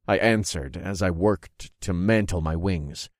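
Deep voiced guy reading a fantasy story in first person, dry close sound, expressive. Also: measured pace, no echo. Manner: expressive, groaning and cursing in character. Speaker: narrator. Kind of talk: first-person audiobook narration.

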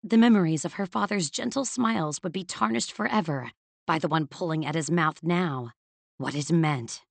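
A woman narrating a fantasy audiobook in a measured, dramatic storytelling manner. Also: sits low, gravelly, no echo.

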